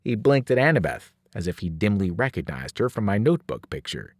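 Animated male teacher reading aloud. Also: mid-range voice, fairly quick, hardly any pauses, no echo, studio quality. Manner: animated, dramatic storytelling. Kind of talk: novel read-aloud narration.

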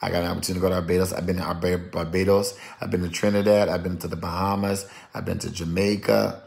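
A man, a prophetic minister chatting on a live stream, lively and chatty as he calls out viewers' names and places. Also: low-pitched, fast, gravelly. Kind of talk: casual live-stream chat greeting viewers.

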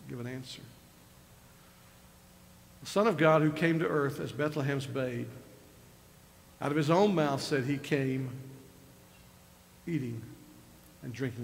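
A man's voice: medium pitch, creaky, a little hiss or hum. An older man preaching a sermon as pastor, retelling scripture in a conversational way with rising emphasis. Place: church sanctuary. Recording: reverberant church hall with faint ambience.

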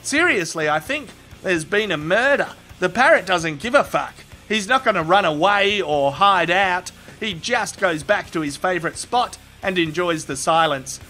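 A man narrates comedy clips with a crude, sarcastic edge. His voice sits high and sounds bright and forward. He delivers quick punchlines in a comic voice-over style. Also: lively intonation, faint music behind.

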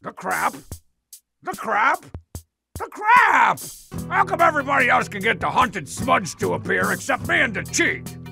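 A man voicing a loud, rude, scheming cartoon kid with a gravelly, shouty manner. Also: very high voice, very animated, a little fast, faint music behind, heavily acted. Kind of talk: cartoon voice acting.

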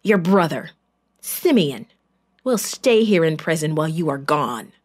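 A woman doing a stern, low-voiced governor. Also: sing-song, measured pace, heavily acted. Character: stern powerful man testing his brothers.

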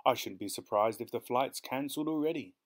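A man's voice: mid-range voice, fairly quick, voice pushed up, lightly acted. A man reading aloud, voicing a cold, teasing old husband who talks in a curt, dismissive way. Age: older.

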